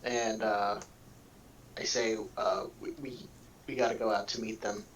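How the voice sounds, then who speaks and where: A man's voice: on the low side, level tone, unhurried, slight background noise. A man playing a tabletop game, speaking hesitantly with laughs between words. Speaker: player. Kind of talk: tabletop game chat over a call.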